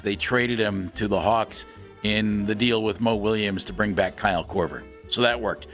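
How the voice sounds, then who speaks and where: A man's voice: lowish voice, a bit bright. A man co-hosting a sports radio show, talking casually and dryly teasing his partner as he lays out a prepared bit. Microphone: studio microphone.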